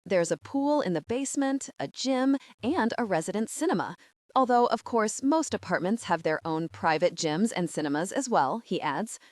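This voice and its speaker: Woman, audiobook narrator, animated pitch, expressive, dry close recording. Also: normal speed, no echo. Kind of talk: first-person audiobook narration.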